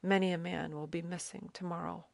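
A proud, self-assured army officer eagerly explains and points things out in a dry, close audiobook reading, as a woman reads him. The voice sits a little low for a woman and is only a slight turn from her own. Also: flat delivery, a little fast, creaky, no echo. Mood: explaining.

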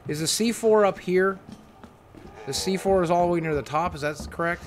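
A man giving live gameplay commentary as a streamer, excitable and swearing, panicking and talking to his chat. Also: high voice, normal speed. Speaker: gaming streamer.

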